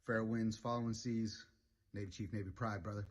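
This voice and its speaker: A man recording a sincere video tribute to a fellow sailor, speaking haltingly with frequent fillers. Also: fairly low pitch, fairly even intonation, lo-fi sound, a little hiss or hum. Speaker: retired Navy chief giving a video tribute.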